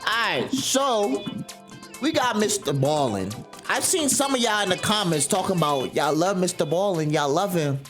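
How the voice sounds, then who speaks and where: A woman's voice: fairly low pitch, very animated, normal speed, faint music behind. A woman streamer chatting casually and with lots of slang while she reacts live, scolding her dog between remarks. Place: home room.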